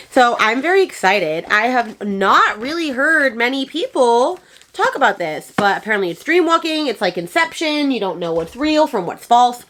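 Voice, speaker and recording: A woman's voice: fairly high pitch, fairly bright tone. Gushing woman chatting in a book vlog. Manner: gushing and enthusiastic, rambling with fillers. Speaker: book vlogger. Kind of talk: casual book haul vlog.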